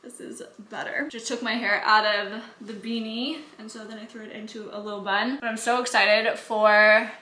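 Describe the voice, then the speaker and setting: Her voice fairly high, steady, and sharp, a woman in her thirties vlogs from home at normal speed with few pauses. She's a lifestyle vlogger, talking to camera in a chatty, candid way full of "like" fillers.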